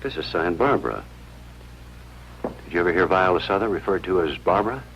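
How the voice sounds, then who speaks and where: A persistent hospital chaplain, extremely low and gravelly; lo-fi radio drama, music bed. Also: male voice, animated, brisk, a little hiss or hum. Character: earnest male hospital chaplain, gentle, persistent. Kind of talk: 1950s radio drama acting. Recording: dull lo-fi old radio recording.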